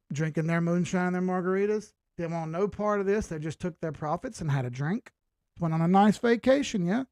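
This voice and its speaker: A man's voice: high-pitched, a little mellow, no echo. Chatty man teaching chart analysis. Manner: casual, chatty, full of rhetorical questions and jokes. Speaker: crypto chart analyst, stream host. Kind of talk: live-streamed chart lesson.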